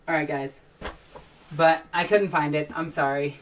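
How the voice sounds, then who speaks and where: Rambling woman streamer, low voice, distant mic. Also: fairly even intonation, unhurried, slight background noise. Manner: rambling and enthusiastic, with frequent sighs and restarts. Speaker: live streamer answering chat. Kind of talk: casual live-stream chat.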